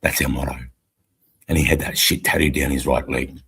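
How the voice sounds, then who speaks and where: An Australian army veteran in his forties, co-hosting a stream, rambles through blunt war stories and swears constantly. His very deep voice is level, brisk and forceful, bright in tone with vocal fry.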